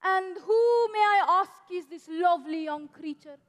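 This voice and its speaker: A woman's voice: very high voice, a little slow. A woman playing a formal, arch middle-aged housekeeper in a stage musical. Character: stern middle-aged German housekeeper, sly. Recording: stage mic in a reverberant hall.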